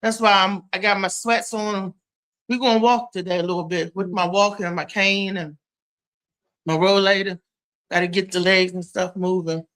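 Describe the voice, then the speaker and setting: Bright, lively woman hosting a live chat. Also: mid-range voice, normal speed. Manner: animated, loud exclamations. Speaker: host. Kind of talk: casual live-stream chat.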